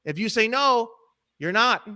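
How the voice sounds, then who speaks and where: A man in a casual interview, talking in an animated, profane, ranting way. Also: very high-pitched, unhurried, dry recording. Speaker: guest.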